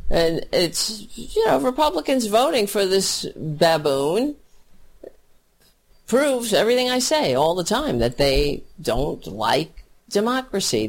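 A man ranting at length about politics, angry, mocking and profane, as a solo commentator. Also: a little high.

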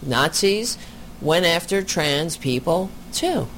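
Brief: slow-talking, indignant voice commenting over a clip, with faint room noise behind. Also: medium pitch, expressive, a bit bright. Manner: indignant, deliberate, swears. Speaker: commentator reacting to a video. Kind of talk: reaction commentary.

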